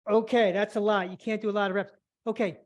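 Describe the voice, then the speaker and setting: A woman's voice: medium pitch, vocal fry, a little mellow. A woman teaching a live online stretching class, cueing each movement step by step and a little out of breath. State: slightly out of breath. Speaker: flexibility instructor.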